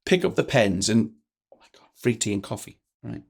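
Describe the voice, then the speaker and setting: A man, a guest telling stories in a lively way and acting out the lines of the people in them. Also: on the low side, fairly quick, vocal fry, breathy edge. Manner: energetic, acts out quoted dialogue. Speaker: guest speaker. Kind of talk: animated storytelling in a podcast interview.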